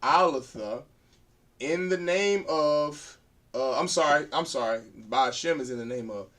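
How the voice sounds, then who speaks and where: The man's voice is on the high side and a bit bright, with a measured pace. In a classroom lesson at the whiteboard, he walks beginners through words syllable by syllable, repeating them as he writes.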